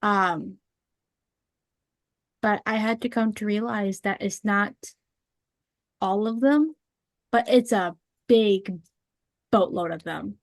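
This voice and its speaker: A woman in casual podcast chat, earnest and emotional, talking in halting bursts with fillers. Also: medium pitch, no room sound, studio quality.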